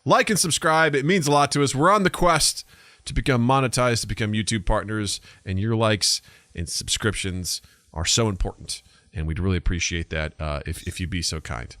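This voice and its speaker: Animated man co-hosting a podcast. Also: on the low side, moderate pace, no room sound. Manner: animated, quotes others in raised voices. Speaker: podcast co-host. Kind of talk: casual podcast chat.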